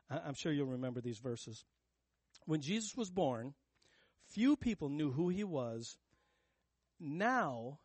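A male pastor preaching in an emphatic, conversational way, often asking his listeners questions. His voice sits a little high for a man. The sound is dry and close, with little room echo. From United States. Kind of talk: sermon.

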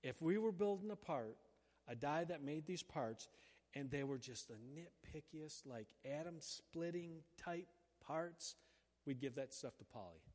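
A middle-aged male pastor preaching in a loose, conversational way, slipping into quick acted-out prayers. His voice sits a little high for a man. A long hall reverb trails behind him. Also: lively intonation, darkish tone. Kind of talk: sermon.

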